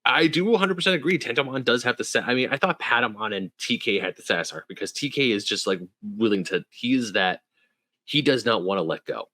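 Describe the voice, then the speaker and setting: A man co-hosting a podcast in casual chat, animated, often jumping into high quoted voices. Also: a little fast, no room sound. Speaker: podcast co-host.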